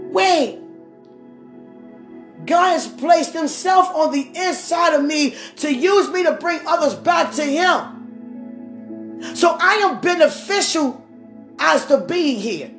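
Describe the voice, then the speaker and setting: High-voiced impassioned woman preacher. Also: lively intonation, slow, pauses often. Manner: impassioned, rising to shouts, calls to the congregation. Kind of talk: sermon. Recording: echoey room with faint music.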